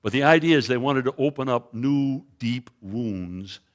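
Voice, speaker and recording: With a mid-range voice, he delivers an animated sermon at a measured pace. As a guest teacher in a church sanctuary, he retells biblical stories vividly, restarting phrases and referring to slides as he goes.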